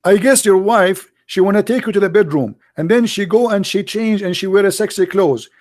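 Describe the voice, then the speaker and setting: A man with a high-pitched, slightly mellow voice talks fairly quickly while hosting a livestream and taking calls. He mocks a religious debate sarcastically, using rhetorical questions in non-native English.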